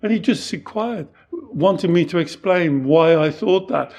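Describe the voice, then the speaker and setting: Earnest man explaining in a fairly high voice. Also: unhurried, a little mellow. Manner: earnest and explanatory, acts out quoted lines. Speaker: Taoist teacher and podcast host. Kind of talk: casual teaching conversation.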